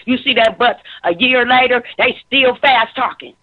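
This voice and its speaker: A talk show commentator in her fifties speaks at normal speed in a slightly high voice, giving emphatic, emotional social commentary. Repeating words as she presses on, she comes across as preachy, heard through a tinny, phone-like line.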